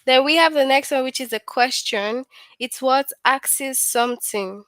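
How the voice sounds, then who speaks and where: A woman's voice: high-pitched, measured pace, fairly bright tone, no room sound. A woman teaching a grammar lesson to young children, patient and questioning, often asking a question and then answering it herself.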